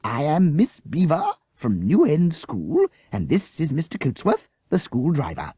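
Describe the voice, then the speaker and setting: A man's voice: on the high side, wildly swooping pitch, measured pace, mellow, slightly rough, no room sound, studio quality, pitched above the performer's own voice, full character voice. A man doing a prim, flustered schoolteacher lady. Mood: indignant. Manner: prim and indignant.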